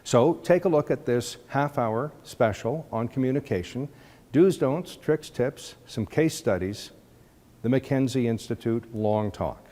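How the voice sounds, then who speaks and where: A man giving a measured, scripted introduction to camera as presenter. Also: medium pitch, expressive, warm tone, slight background noise. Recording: long hall reverb.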